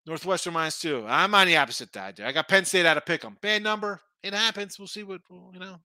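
This middle-aged sports betting host has a high, sharp voice and moves fairly quickly. He rambles through picks and opinions, restarting often, in a casual betting talk captured with no echo.

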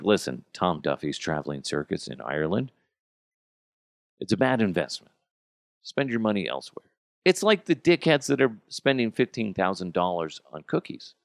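A man hosting a podcast in casual chat, ranting bluntly with plenty of profanity and swinging between loud outbursts and muttered asides. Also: lowish voice, creaky, no room sound, clean studio sound. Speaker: podcast host.

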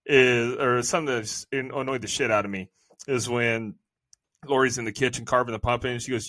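A man's voice: mid-range voice, steady tone, normal speed, fairly bright tone, no room sound. Male podcast co-host, mid-range voice, profane exasperated ranting, dry close mic. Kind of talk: casual movie review chat.

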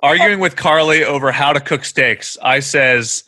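A man's voice: mid-range voice, unhurried, few pauses, sharp tone, no room sound. A Scottish man in casual chat, reading funny posts aloud in broad dialect, laughing and swearing a lot. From Scotland.

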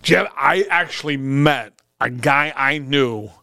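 A man's voice: mid-range voice, slow, creaky, over a noisy crowd. A man, co-hosting a podcast in crude casual banter, swearing as he tells stories and acts out what people said. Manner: profane, storytelling with acted-out quotes. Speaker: podcast co-host.

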